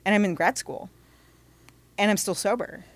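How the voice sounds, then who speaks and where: A woman guesting on a podcast candidly tells her life story in conversation, with animated asides and restarts. Her voice is mid-range and her pace moderate.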